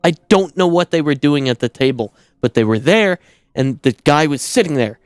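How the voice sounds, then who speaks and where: A male streamer tells a story in an incredulous, animated rant, his pitch leaping all over the place. The sound is dry and close. Faint music plays underneath. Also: normal speed, clear, resonant tone, no room sound. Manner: animated, incredulous, swears a lot. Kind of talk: casual ranting story.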